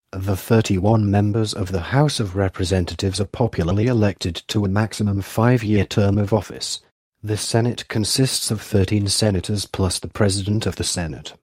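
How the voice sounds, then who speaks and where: A man giving a flat, formal scripted reading of names and government titles. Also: on the low side, dry recording, clean studio sound.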